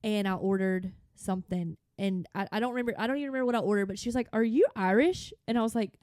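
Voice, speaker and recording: A woman's voice: mid-range voice, steady tone, very fast, darkish tone, clean tone, no echo, studio quality. A woman in her thirties with a light North Carolina accent, co-hosting a podcast in casual chat, rambling and laughing often. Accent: North Carolina Southern. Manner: giggly, rambling storyteller. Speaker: podcast co-host.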